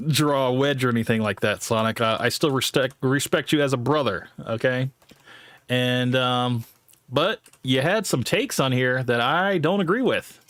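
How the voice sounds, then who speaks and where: Male live stream host, mid-pitched and dry, rambling, blunt, self-deprecating jokes. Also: fairly bright tone, clear, resonant tone, no room sound. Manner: rambling, with many fillers and restarts. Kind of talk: casual live commentary.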